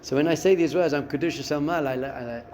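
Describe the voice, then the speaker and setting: A man's voice: fairly high pitch, rapid-fire, slight background noise. A man, a rabbi giving a spiritual lesson and acting out the voices in a listener's head. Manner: expressive, acts out inner voices and quotes. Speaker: rabbi teaching a class.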